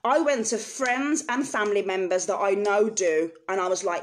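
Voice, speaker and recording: A woman's voice: medium pitch, moderate pace, hardly any pauses. Earnest woman telling her story. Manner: earnest and emotional, speaks frankly to viewers. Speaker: vlogger sharing personal experience. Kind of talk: candid personal storytelling to camera.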